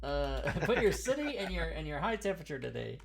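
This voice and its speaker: Profane, excitable male stream host. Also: on the high side, normal speed, creaky, slight background noise. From United States. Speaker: talk show host. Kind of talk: casual livestream chat.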